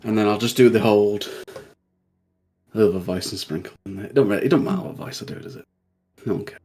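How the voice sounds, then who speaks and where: A man's voice: lowish voice, fairly quick, a little mellow, breathy edge. A man in casual pre-game chat who talks playfully and with plenty of animation. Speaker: tabletop game player.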